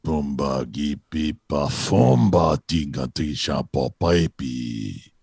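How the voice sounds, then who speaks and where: A man voicing a huge, gruff male alien gangster boss who talks in booming gibberish. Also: animated, slow pace, darkish tone, no room sound, clean studio sound, full character voice. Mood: grumbling.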